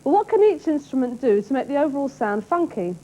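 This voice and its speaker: A woman presenting a music lesson in a clear, scripted, explanatory way. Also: high-pitched, big pitch swings, quick pace, mellow, rough recording.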